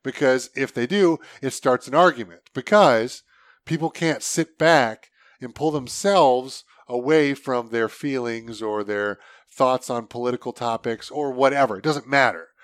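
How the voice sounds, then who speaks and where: A man's voice: medium pitch, a little slow, no echo. A man in casual conversation, blunt and opinionated, swearing freely as he argues his points. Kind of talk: casual podcast chat.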